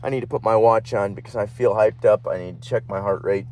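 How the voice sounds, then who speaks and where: A man's voice: fairly low pitch, fairly even intonation, fairly quick, a little mellow, a little hiss or hum. Young man ranting, profane and rambling. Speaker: podcast host. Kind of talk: casual ranting monologue.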